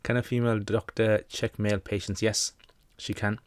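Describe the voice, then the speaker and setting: A man's voice: lowish voice, flat delivery, normal speed, no echo. A man with a British accent who teaches Islam, casually answering viewer questions on a livestream in a chatty, joking way with many fillers.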